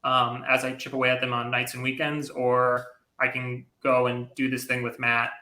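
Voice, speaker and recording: A young adult man speaks candidly as an interview guest, halting often with ums. His tone is bright and even, with little rise and fall. The sound is roomy and echoey. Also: mid-range voice. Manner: earnest, hesitant, many ums. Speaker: comic artist guest.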